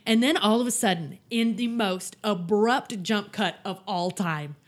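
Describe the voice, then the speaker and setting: A woman co-hosting a podcast, retelling a TV episode in casual chat, animated and quick to swear. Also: mid-range voice. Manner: animated storyteller, swears freely, mimics characters' lines. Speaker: podcast co-host.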